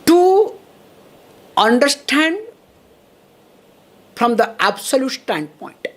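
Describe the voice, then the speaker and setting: Woman swami, fairly high voice, teaching a spiritual class with laughs and frequent check-ins. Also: big pitch swings, extremely slow. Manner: checks in with listeners often, laughs between points. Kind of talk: spiritual lecture.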